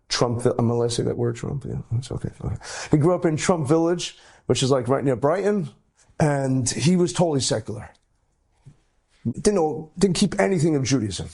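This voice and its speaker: A man, a rabbi, telling an inspirational story in an animated way, his voice jumping up high at dramatic moments. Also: slightly rough.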